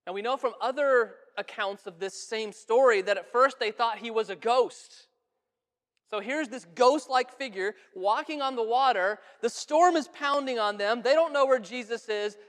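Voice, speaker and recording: A man preaching a sermon as pastor, talking earnestly and conversationally, dropping to a hushed voice when he quotes. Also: very high voice, normal speed. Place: church sanctuary. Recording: church sanctuary with long reverb.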